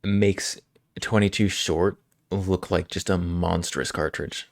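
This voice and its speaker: A man streaming live, chatting casually with frequent chuckles and halting restarts as he rambles. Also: low voice, steady tone, vocal fry, no echo, studio quality.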